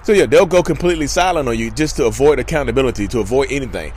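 A man's voice: mid-range voice, lively intonation, very fast, a little mellow, slight background noise. A man vlogging to his viewers in casual commentary, emphatic and repetitive and calling them y'all.

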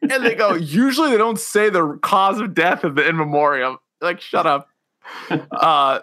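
A man's voice: a little high, normal speed, bright, forceful tone. A man co-hosting a casual podcast, animatedly retelling comedy sketches with frequent laughter. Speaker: podcast co-host. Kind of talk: casual chat.

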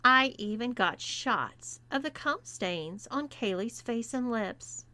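A woman voicing a bossy, domineering young woman who gives commands in a taunting tone, read out slowly. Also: on the high side, lively intonation, pushed and bright, exaggerated voice.

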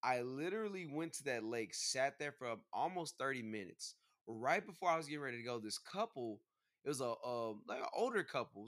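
A man's voice: medium pitch, normal speed. A man co-hosting a casual chat who tells stories animatedly, acting out what people said. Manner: animated storyteller, acts out dialogue. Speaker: podcast co-host, groom.

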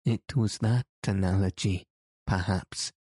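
A man reads a classic story aloud in a slow, measured way. His voice is low and dark, and the recording is dry and close. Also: steady tone, husky, no echo. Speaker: audiobook narrator. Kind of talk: scripted narration of a classic story.

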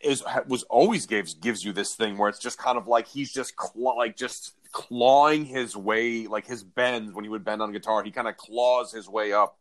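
Low-voiced guy on a music podcast, thinks out loud, trails off a lot. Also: normal speed, few pauses. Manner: searching for words, reflective. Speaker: podcast co-host. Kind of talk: casual music discussion.

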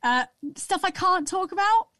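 A young woman, a guest actress, chatting on a podcast and telling lively stories about her family. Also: very high-pitched, moderate pace, no echo. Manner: lively storyteller, often mimics her mum's accent. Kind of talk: casual podcast chat.

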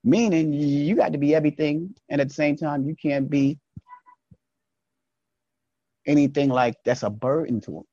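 A man delivering a casual, preachy monologue straight at his listeners, swinging between loud emphatic bursts and low asides. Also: normal speed, long pauses, no room sound, highs cut off. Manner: preachy, speaks to listeners directly.

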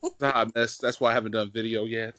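A man hosts a podcast from a dry, close-sounding setup, with no room around his voice. His pitch sits mid-range, and his talk is animated and jokey, full of easy back-and-forth with his guest. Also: fast talker, no echo. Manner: animated, jokey, breaks into silly put-on voices. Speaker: podcast host. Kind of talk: casual chat.

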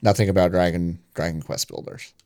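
A man's voice: sits low, fairly even intonation, a little fast, a little mellow. A man co-hosting a podcast in casual chat, repeating himself and laughing easily. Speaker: podcast co-host.

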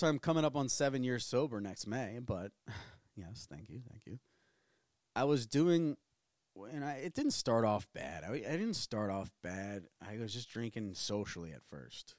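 A man's voice: on the low side, a little mellow, dry recording, clean studio sound. A man from the New area, hosting a casual solo podcast and rambling candidly with plenty of profanity. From New Orleans area. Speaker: podcast host.

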